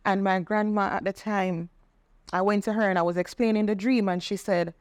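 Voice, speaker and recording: A middle-aged woman tells her own story in an earnest, conversational way. She grows animated whenever she repeats what others said. Her voice sits mid-range and sounds close and dry, with little room around it. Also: medium pitch, moderate pace, no room sound. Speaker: podcast guest sharing testimony. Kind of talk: personal testimony in conversation.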